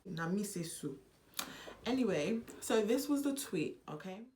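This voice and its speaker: Animated young British woman vlogging. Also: medium pitch, unhurried, a little hiss or hum. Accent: British, switching into Nigerian. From United Kingdom. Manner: animated and unserious. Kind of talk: casual vlog chat.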